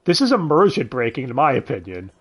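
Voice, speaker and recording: A man's voice: mid-range voice, big pitch swings, fairly quick, husky. A man reviewing a dub in casual commentary, sarcastic and swearing, with sighs and questions to his listeners. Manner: sarcastic, swears often, sighs and asks the audience.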